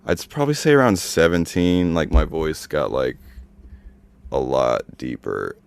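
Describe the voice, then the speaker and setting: A young man with a deep, monotone voice and heavy vocal fry, talking casually as a podcast host with lots of filler words. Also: measured pace, dry recording. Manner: laid-back, lots of "like" fillers. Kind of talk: casual chat.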